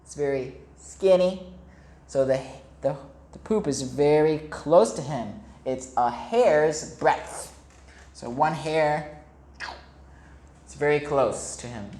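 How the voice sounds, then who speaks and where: A man's voice: fairly high pitch, slow pace, pauses often, a little mellow. A man, an English teacher, reads a picture book aloud to young children, explaining words simply and asking them questions. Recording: echoey room.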